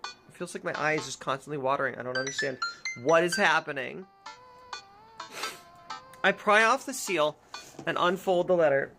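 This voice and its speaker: A woman's voice: low-pitched, moderate pace, long pauses, music in the background. A woman streamer chatting casually and musing aloud to her chat as she plays a dating game. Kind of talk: casual gameplay commentary.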